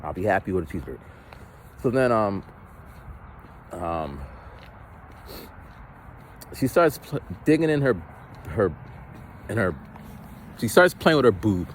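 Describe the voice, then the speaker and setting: A man's voice: lowish voice, measured pace, long pauses, a little hiss or hum. A man casually telling a rambling story, with many restarts. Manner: rambling, animated, many restarts, acts out voices. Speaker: vlogger.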